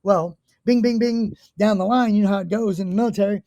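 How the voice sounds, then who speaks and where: Man, 60s, American, interview guest, warm dark tone, dry close sound, animated storyteller who swears casually. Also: high voice, brisk, no echo, highs cut off. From United States. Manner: animated, swears casually, acts out the people in his stories. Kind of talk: conversational storytelling.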